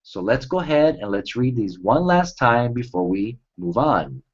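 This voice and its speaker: A man teaching a children's reading lesson as a reading tutor, cheerful and enunciating each word slowly for young kids. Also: medium pitch, big pitch swings. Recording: dull lo-fi recording.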